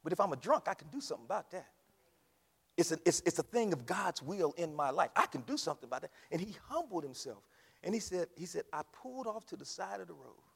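A man preaching a sermon, swinging from hushed storytelling to shouted climaxes. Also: a little high, big pitch swings, fast, creaky, slightly rough. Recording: long reverb of a large hall.

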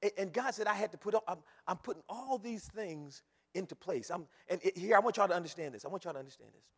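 Male preacher, high lively voice, sermon in a reverberant church. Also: quick pace, husky. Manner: animated, repeats phrases, rises to shouts. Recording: long hall reverb.

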